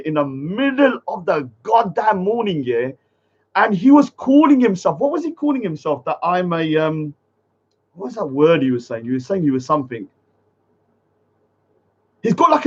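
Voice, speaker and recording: A man, ranting heatedly as an online commentator, tagging his lines with "yeah". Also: high voice. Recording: muffled lo-fi audio.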